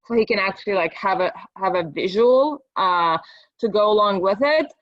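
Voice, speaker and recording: A woman's voice: mid-range voice, lively intonation, moderate pace, no room sound, muffled recording. A woman, a parent, telling her coach in casual talk how a session went, hesitant and full of fillers and restarts.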